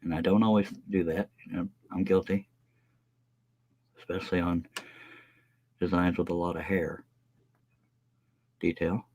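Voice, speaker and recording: A man's voice: low-pitched, little pitch movement, unhurried, long pauses, darkish tone, slightly rough, dull audio. A man streaming live from his workshop, talking in a chatty, folksy way as he draws a pattern. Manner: folksy, chatty, says y'all. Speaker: scroll saw pattern maker streaming live. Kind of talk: relaxed live-stream talk while working.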